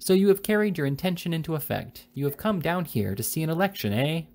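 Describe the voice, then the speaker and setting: A man voicing a brisk, fussy, self-satisfied little agent in a storybook reading, pitching up a bit. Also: very animated, a little mellow. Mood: welcoming. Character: brisk small male election agent.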